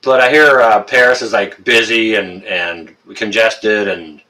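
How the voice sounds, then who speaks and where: A Canadian man in his fifties hosts a relaxed live stream and talks straight to his viewers. His voice sits fairly low and has a bright, forceful edge. He jokes and teases, and he stops often on fillers and restarts. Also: measured pace. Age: 50s. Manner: joking, teasing, many fillers and restarts. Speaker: livestream host.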